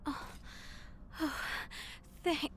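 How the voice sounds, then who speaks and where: An actress voicing an earnest young princess who speaks in formal, halting phrases. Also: female voice, a little hiss or hum. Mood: distressed.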